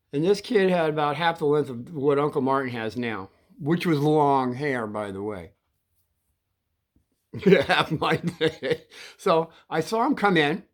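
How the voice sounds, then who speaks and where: A man in his sixties telling a childhood story casually, in a halting, rambling way with many restarts and throat-clearing. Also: fairly high pitch.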